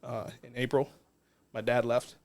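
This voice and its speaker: A man's voice: medium pitch, level tone, measured pace, a little mellow. A man, a non-profit co-founder, telling a personal story in a casual interview in an earnest, reflective way.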